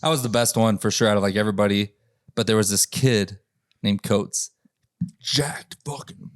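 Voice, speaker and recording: A man's voice: fairly low pitch, normal speed, no room sound, clean studio sound. A man hosting a podcast, telling rowdy stories in a casual, profane way and laughing often, with voices for the people in them. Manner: profane, laughing, animated retelling with quoted voices. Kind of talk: casual chat, storytelling.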